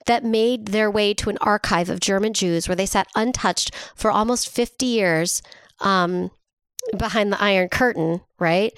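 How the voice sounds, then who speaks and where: A woman's voice: medium pitch, a bit bright, clear, resonant tone, dry recording, studio quality. A woman in her thirties co-hosting a podcast, telling a story casually with fillers and self-mocking humor. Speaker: podcast co-host.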